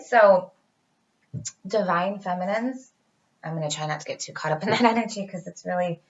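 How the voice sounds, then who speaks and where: A woman's voice: mid-range voice, lo-fi sound. A woman giving a casual tarot reading to her viewers, chatty and reassuring, talking straight to them. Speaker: tarot reader.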